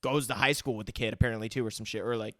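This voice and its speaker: A man co-hosting a podcast, chiming in casually about a film with relaxed, profane remarks. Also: mid-range voice, very fast, no echo, studio quality. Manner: laid-back and profane, chiming in. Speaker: podcast co-host.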